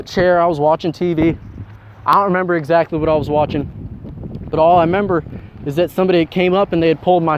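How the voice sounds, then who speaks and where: A man's voice: on the high side, darkish tone. A young man telling a personal story in a casual, rambling way, with many fillers. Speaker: vlogger. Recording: dull lo-fi sound with faint noise.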